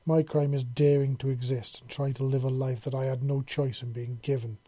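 A man's voice: medium pitch, little pitch movement, a little fast, dark tone, close to an everyday voice. A man voicing a defiant young half-alien man who throws out raised, indignant questions.

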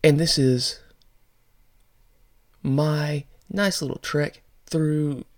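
Gravelly joking podcast host, man. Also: a little high, extremely slow, no room sound, studio quality. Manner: jokey, self-deprecating, playful asides. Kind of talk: casual joke-telling and toy news chat.

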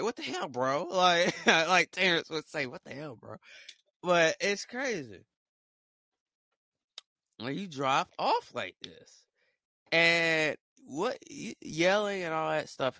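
A young man hosting a casual podcast, telling stories in an animated, slangy, excitable way. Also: medium pitch, no echo, clean studio sound. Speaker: podcast host. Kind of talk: casual commentary.

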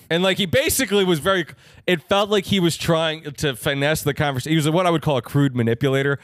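A man's voice: on the high side, quick pace, fairly bright tone, dry recording. A young man co-hosting a podcast, rambling through a story with lots of fillers. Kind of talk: casual chat.

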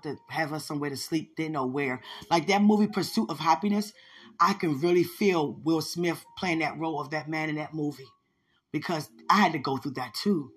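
A woman with a husky, deep voice shares her personal testimony as a podcast host. She tells the story in an earnest, conversational manner, speaking directly to her listeners.

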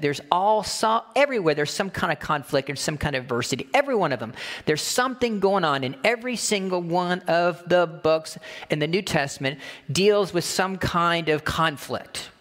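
Pastor guy preaching, high voice, emphatic and chatty, big echoey hall. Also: fairly bright tone. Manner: emphatic, conversational preaching with repeated phrases. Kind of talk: sermon.

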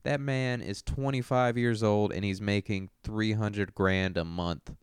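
Foul-mouthed young male host riffing on match results; smooth, resonant low voice. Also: steady tone, measured pace, dry recording, studio quality. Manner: profane, brash and joking. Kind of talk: casual sports commentary monologue.

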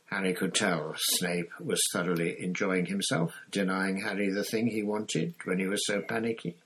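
A man narrating a storybook chapter in a steady reading voice, with an occasional slip and restart. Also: deep voice, normal speed, hardly any pauses, a little hiss or hum, poor audio. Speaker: audiobook reader.

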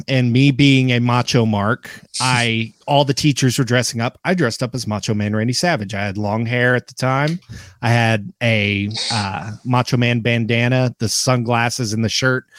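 A young man from Oklahoma, a podcast guest telling a story in a relaxed, easygoing way. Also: mid-range voice, normal speed, dry recording, studio quality. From Oklahoma, USA. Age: young adult. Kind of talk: casual storytelling.

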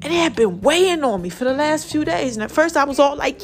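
A woman's voice: sits high, lively intonation, fast, faint music behind. A woman hosting her own podcast, chatting casually and calling her listeners y'all and baby. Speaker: podcast host. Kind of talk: casual solo podcast talk.

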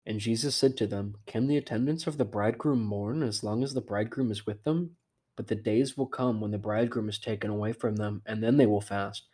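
Male scripture reader: low voice, measured and steady, flat intonation. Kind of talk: steady scripted Bible reading.

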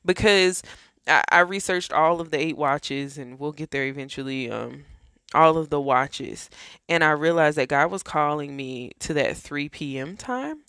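Creaky-voiced woman sharing faith testimony. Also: deep voice, measured pace, fairly bright tone, dry recording, clean studio sound. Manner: earnest, addresses listeners as y'all and friends. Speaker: faith vlogger. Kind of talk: casual personal testimony.

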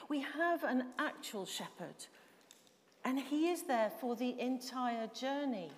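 A woman delivers a sermon in a high, clear voice, unhurried and deliberate. She leans on key words and asks her listeners questions. The long reverb of a large hall trails after her. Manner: measured, emphatic, asks the room questions. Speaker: preacher.

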